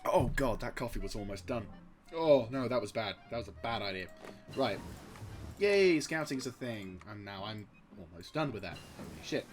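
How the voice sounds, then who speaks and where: A man casually commenting on a strategy game, rambling and excitable, swearing freely and chuckling at his own jokes. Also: fairly low pitch, fairly quick, music in the background. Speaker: gaming channel host.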